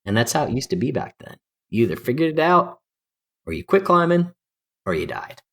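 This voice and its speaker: A man in his fifties, from California, telling lively stories as a podcast guest and acting out quoted dialogue. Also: fairly high pitch, brisk. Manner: animated storyteller, acts out quoted dialogue. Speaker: guest climber. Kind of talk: storytelling interview.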